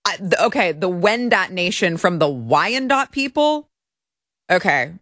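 A woman's voice: fairly low pitch, animated, a little slow, fairly bright tone, dry recording. A young adult woman hosting an opinionated talk show in a studio, speaking in a sarcastic, mocking way. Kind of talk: opinionated commentary.

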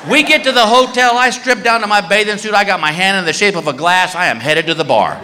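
A stand-up comedian, a man, telling an animated story and acting out voices and screams on a live stage. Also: high voice, fast talker, a little hiss or hum. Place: comedy stage before an audience. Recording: live stage in a hall with crowd laughter.

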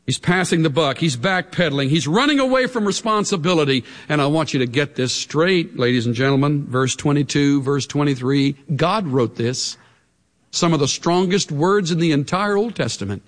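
A male preacher giving an emphatic, dramatic sermon. He drops to hushed tones at times. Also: fairly high pitch, lively intonation, normal speed, long reverb tail.

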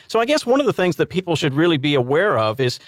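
A man hosting a sponsored radio show, pitching a product with an upbeat salesman's push. His voice sits a little high and swings widely in pitch. The sound is dry and close. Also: very animated, dry recording. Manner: upbeat salesman, repeats the phone number slowly. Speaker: radio host.

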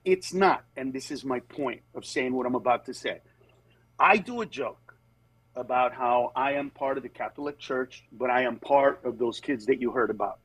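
A man, a comedian guest, telling stories in casual chat, animated and acting out other people in high voices, then turning earnest. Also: normal speed, breathy edge, dry recording, poor audio. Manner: turns earnest and reflective. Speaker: comedian guest on a talk show.

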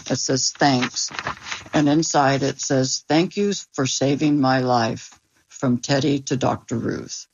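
A woman's voice: a bass voice, fairly even intonation, slow, darkish tone, lo-fi sound, slight background noise. A woman who repairs stuffed toys, chatting casually in an interview with fillers and restarts. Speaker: teddy bear repairer.

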